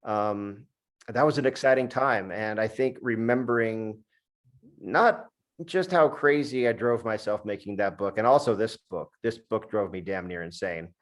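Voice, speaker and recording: A man, an author, reading aloud from his book and then answering interview questions in a halting, casual way. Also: fairly low pitch. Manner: halting, with fillers and restarts when talking freely. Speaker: author and guest.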